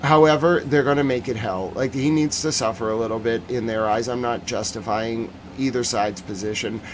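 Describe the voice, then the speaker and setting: A man hosting a casual livestream news recap, talking in an animated, joking, rambling way. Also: medium pitch, normal speed, a little hiss or hum. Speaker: news commentary host.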